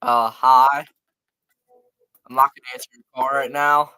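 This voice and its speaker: A man's voice: medium pitch, level tone, a little slow, bright, forceful tone, clear, resonant tone. A man hosting a casual live college football show, chatting loosely and reeling off scores and stats. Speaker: sports show host.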